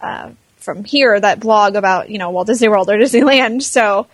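A woman's voice: mid-range voice, normal speed, no room sound. A woman co-hosting a live show, chatting in a rambling way with lots of fillers. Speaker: co-host. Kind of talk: casual live show chat.

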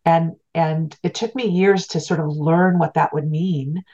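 A woman's voice: sits low, steady tone, a little slow, dark tone. A middle-aged woman, a spiritual teacher, earnestly telling a personal story as an interview guest, often restarting her words. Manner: earnest, reflective, repeats words as she restarts. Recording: dull lo-fi sound.

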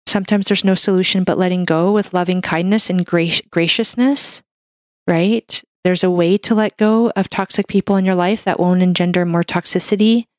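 A woman with a fairly low, mellow voice speaks at a normal pace with fairly even intonation, recorded in studio quality with no room sound. She hosts a wellness podcast, delivering a casual monologue in a heartfelt, encouraging tone sprinkled with "like" and "you know."

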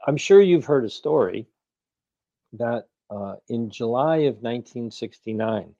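A man's voice: mid-range voice, expressive, measured pace, dark tone, dry recording, highs cut off. A man in his sixties, speaking as an activist guest in an interview, arguing emphatically and posing rhetorical questions. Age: 60s. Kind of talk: interview conversation.

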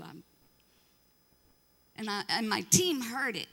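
A woman pastor telling a story from the pulpit in an animated way, acting out the voices of the people she quotes. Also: mid-range voice, takes it slowly, gravelly, pauses often, big-room sound. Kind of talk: storytelling sermon.

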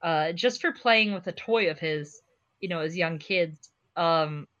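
A woman's voice: fairly low pitch, measured pace, fairly bright tone, lo-fi sound. A tipsy woman co-hosting a casual podcast chat, gushing and laughing often as she talks. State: tipsy from drinking. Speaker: podcast co-host.

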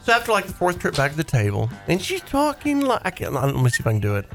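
A man hosting a weekend radio show, telling stories in a chatty, animated way and laughing easily. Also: a little high, quick pace, faint music behind. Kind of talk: casual on-air storytelling.

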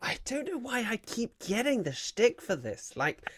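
A woman's voice: on the high side, big pitch swings, measured pace, husky. A woman who runs the tabletop game, chatting wryly with the players. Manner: wry, joking. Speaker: game master. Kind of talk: casual group chat.

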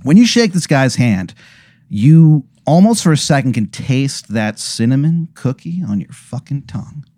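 A man's voice: mid-range voice, very animated, a little slow, warm tone, dry recording. A young man telling a long comedic hypothetical, rambling and profane, with many fillers. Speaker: podcast co-host. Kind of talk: comedic storytelling.

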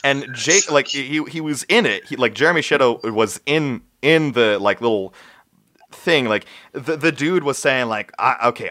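A young man hosting a casual chat, rambling excitedly with many restarts. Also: mid-range voice, normal speed. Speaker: host.

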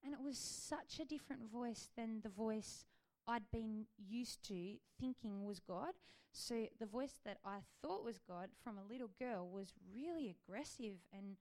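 Woman in her thirties, earnest and gentle, a little high-pitched, sharing a personal faith story. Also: a little slow. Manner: gentle, earnest, with frequent ums and likes. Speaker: Christian speaker sharing faith testimony.

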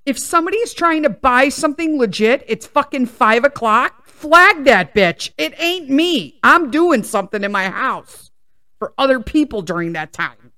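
A woman's voice: high-pitched, animated, normal speed, pushed and bright. A woman hosting a podcast, telling a story as a heavily profane, exasperated rant. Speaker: podcast host.

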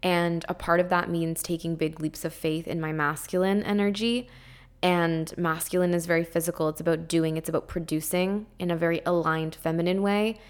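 Earnest, low-voiced woman podcaster. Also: steady tone, normal speed, smooth. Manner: earnest and heartfelt, speaking in spiritual self-help terms; chatty, with frequent "like" and "um". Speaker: podcast host. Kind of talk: casual podcast monologue.

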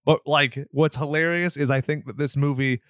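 A man's voice: fairly high pitch, fairly even intonation, moderate pace, a bit bright, dry recording, clean studio sound. A man hosting a podcast, chatting casually in a joking, sarcastic way. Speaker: podcast host. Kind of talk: casual chat.

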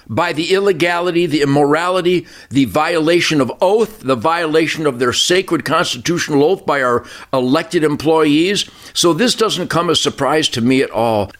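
A man's voice: high voice, a bit bright. An older man hosting a political talk show, ranting fiery and emphatic, with lots of repetition. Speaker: show host.

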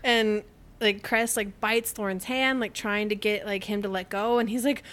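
A young woman co-hosting a casual book podcast, retelling scenes with lots of laughter and acted-out quotes. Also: medium pitch. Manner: animated storytelling, quick to laugh, acts out quotes. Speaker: podcast co-host.

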